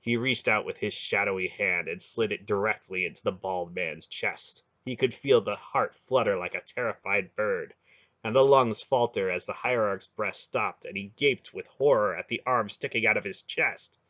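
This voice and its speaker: A man narrating a fantasy audiobook in a lively, expressive reading. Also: lowish voice, moderate pace. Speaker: audiobook reader. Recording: dull lo-fi home recording.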